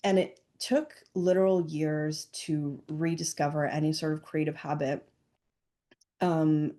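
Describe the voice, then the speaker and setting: Mellow-voiced chatty woman guest. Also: lowish voice. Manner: chatty, lots of fillers and "like". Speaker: podcast guest. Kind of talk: casual chat.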